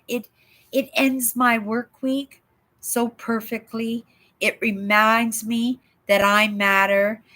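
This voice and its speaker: An older woman from Canada hosts a casual livestream, reading comments aloud and talking back to viewers by name. Her voice sits a little high and bright, and she speaks slowly, with rambling asides and frequent "right?" tags. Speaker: livestream host.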